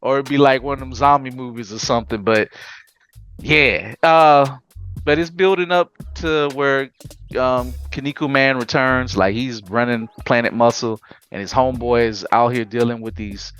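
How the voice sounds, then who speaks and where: A man hosting a casual anime podcast, telling it in an animated, slangy way with frequent laughs. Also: mid-range voice, moderate pace, faint music behind. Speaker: podcast host.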